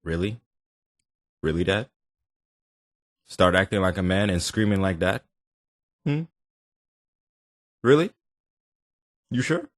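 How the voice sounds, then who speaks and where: A man hosting a reaction video, talking in animated, joking, slangy banter. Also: deep voice, slow, long pauses, no room sound, clean studio sound. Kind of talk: casual reaction commentary.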